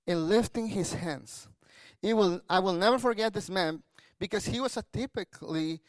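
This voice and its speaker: High-voiced pastor preaching a sermon. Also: male voice, no room sound.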